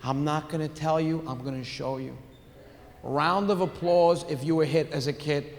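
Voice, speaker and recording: A middle-aged man doing a stand-up comedy set, telling stories in a loud, animated way on a theater stage. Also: a little high, moderate pace. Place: theater stage with live audience. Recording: live hall reverb, faint room noise.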